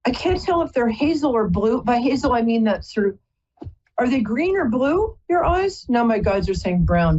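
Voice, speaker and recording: A woman's voice: on the high side, very animated, moderate pace, a little mellow, breathy edge, highs cut off. A woman hosting a live call-in psychic reading, chatty and rambling, often stopping to apologize. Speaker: psychic reader and host.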